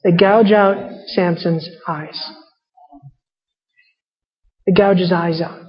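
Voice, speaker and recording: A woman's voice: fairly low pitch, steady tone, slow. A woman preaching a sermon, reading scripture and retelling characters in casual paraphrase. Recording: muffled sound in a reverberant hall.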